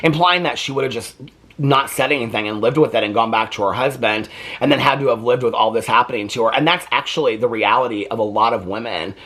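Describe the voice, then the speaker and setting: A man's voice: mid-range voice, quick pace, bright, forceful tone. A man in his fifties hosting a casual movie review vlog, talking in a chatty, rambling and heartfelt way. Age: 50s. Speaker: host.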